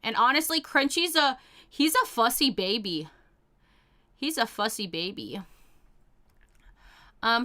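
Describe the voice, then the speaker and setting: A woman's voice: fairly high pitch, big pitch swings, a little slow, long pauses, bright, forceful tone. A young woman casually chatting as she reads out chat messages, bubbly and gushing, full of "like" and "oh my gosh". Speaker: streamer reading chat.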